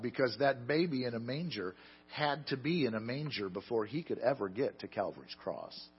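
A man preaching a sermon, telling stories with self-deprecating humor and swinging between loud emphasis and quiet asides. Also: medium pitch, very animated, a little fast, breathy edge, highs cut off. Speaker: pastor.

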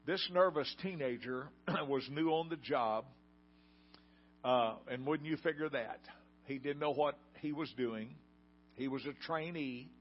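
Folksy older preacher telling a story. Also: male voice, a little high, unhurried. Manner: folksy storytelling, asks the congregation questions. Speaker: pastor. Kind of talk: sermon. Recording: dull lo-fi sound.

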